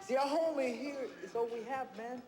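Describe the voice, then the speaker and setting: A man's voice: very high voice, normal speed, a little mellow. An actor playing a young male gang member who talks earnestly in street slang about his crew. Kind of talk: film dialogue. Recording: echoey film clip with long reverb and music.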